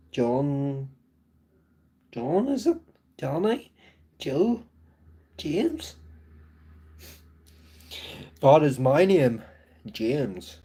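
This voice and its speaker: A man from Northern Ireland with a Belfast accent hosts a casual livestream chat from home in a medium-pitched, dark-toned voice. He rambles along chattily, dropping tag phrases like "so it is".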